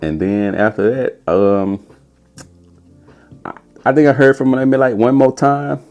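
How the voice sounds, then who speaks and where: A young man telling a casual, animated story as a podcast host, putting on a high voice for quotes. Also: measured pace, lo-fi sound.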